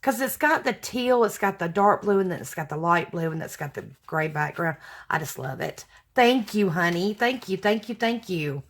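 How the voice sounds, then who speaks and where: A woman's voice: lowish voice, expressive, normal speed. A woman chatting casually to viewers as she unboxes craft mail, gushing and exclaiming with thanks. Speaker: craft vlogger opening mail.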